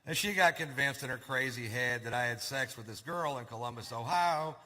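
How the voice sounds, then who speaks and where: A man's voice: medium pitch, moderate pace, sharp tone. A male stand-up comedian telling stories in a laid-back, drawling way to a live audience. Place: theater stage before a live audience. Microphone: stage microphone. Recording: live hall with long reverb and faint ambience.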